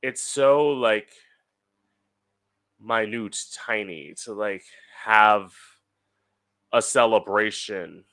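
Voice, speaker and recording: A man's voice: fairly low pitch, drawn-out words, long pauses, a bit bright. A young man hosting his own podcast from home, talking casually in a chatty, sardonic way and swearing freely. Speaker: podcast host. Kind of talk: casual solo podcast monologue.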